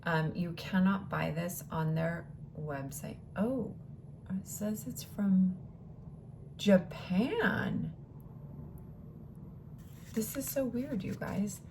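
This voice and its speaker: A woman's voice: medium pitch, extremely slow, vocal fry, pauses often, darkish tone, a little hiss or hum. A woman vlogger chatting casually as she unboxes beauty samples, thinking aloud and now and then dropping into a whisper.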